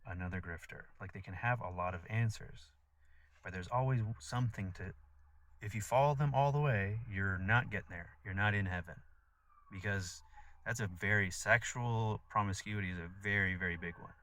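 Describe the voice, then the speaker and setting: A man's voice: lowish voice, normal speed, fairly bright tone, slight background noise. A man talking in a casual, rambling monologue, blunt and profane, full of fillers. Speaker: vlogger.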